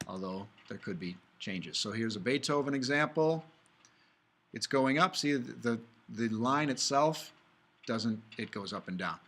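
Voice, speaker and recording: A man giving a relaxed music theory lecture, talking his way through the slides and breaking into quick sung examples now and then. His voice sits at an ordinary middle pitch, and he keeps the tone informal, as if chatting with a class. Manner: casual, talks through slides, hums and sings examples. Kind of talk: recorded video lecture.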